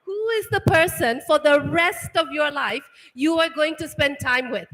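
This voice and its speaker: A woman's voice: high voice, measured pace, a bit bright. A woman giving a motivational talk to students, firing off rhetorical questions and checking in with "right?" after each point. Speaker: workshop speaker. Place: large hall. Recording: echoey hall.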